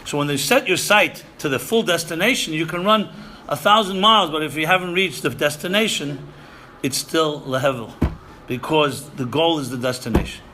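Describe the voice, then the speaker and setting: Emphatic bright-voiced man lecturing. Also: a little high, moderate pace, slight background noise. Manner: emphatic, repeats phrases, Yiddish and Hebrew terms. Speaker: rabbi lecturing seminary students. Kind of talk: sermon-style lecture.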